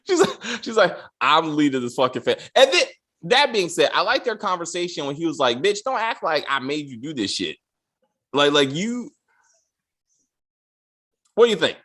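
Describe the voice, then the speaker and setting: Animated man in casual chat. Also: on the high side, moderate pace, pauses often. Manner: animated, acts out characters' lines. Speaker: podcast host.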